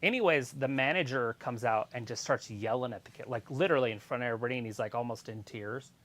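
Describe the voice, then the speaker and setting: A man co-hosting a live wrestling watch-along stream, chatting casually and telling animated stories with plenty of swearing. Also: mid-range voice, fast talker. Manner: animated storyteller, swears freely, sings off-key snippets.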